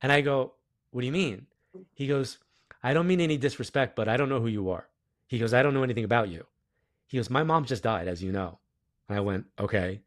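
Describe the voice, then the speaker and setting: A middle-aged man, a guest on a podcast, who tells stories in a casual, animated way and acts out the quoted dialogue. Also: medium pitch, brisk, no room sound, studio quality. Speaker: guest psychic medium. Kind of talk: casual storytelling interview.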